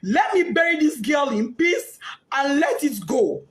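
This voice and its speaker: A woman's voice: high voice, sing-song, unhurried. A Nigerian woman, a grieving mother, giving a tearful, distraught testimony, pleading and repeating herself in rising outbursts. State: crying, distraught. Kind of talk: emotional testimony.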